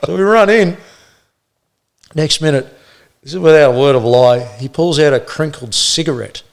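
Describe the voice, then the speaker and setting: A middle-aged Australian man, a former police officer, telling animated stories in casual conversation and acting out the people he quotes. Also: fairly high pitch, normal speed, creaky. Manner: animated anecdotes, acts out quoted voices, laughs often. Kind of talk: casual storytelling.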